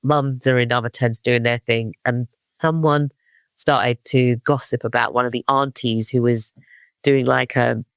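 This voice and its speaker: A man's voice: mid-range voice, steady tone, a little slow, creaky, fairly bright tone, smooth, no echo. A man in his fifties from East London with a London accent, telling rambling stories as a guest, full of fillers and restarts. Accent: London English. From East London, England. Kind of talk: casual storytelling interview.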